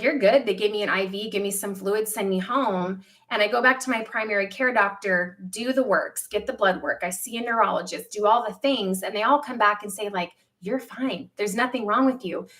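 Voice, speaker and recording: A woman in her thirties hosting a casual livestream from home, telling a personal story candidly, with lively quoted asides. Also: mid-range voice, moderate pace. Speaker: livestream host.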